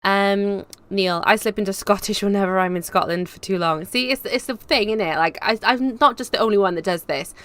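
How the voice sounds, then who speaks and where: A woman's voice: medium pitch, fairly quick, few pauses, a bit bright. A young woman with a Cardiff Welsh accent, chatting casually and reading out comments on a live stream. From Wales. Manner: chatty, rambling, laughs often. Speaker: YouTube host reading live chat.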